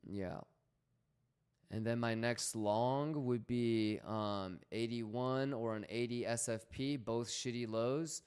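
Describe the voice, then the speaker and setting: A man's voice: mid-range voice, slow pace, darkish tone, smooth. A man hosting a casual trading livestream, slangy and swearing freely as he reads out chat messages.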